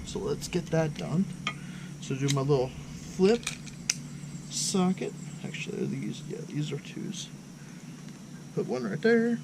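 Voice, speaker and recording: A man's voice: on the high side, animated, a little slow, creaky, pauses often, background noise. A man chatting to his viewers while he works on his scooter outdoors, thinking aloud and poking fun at himself. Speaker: motorbike build vlogger. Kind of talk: casual talk while working on a scooter. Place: outdoors in hot weather.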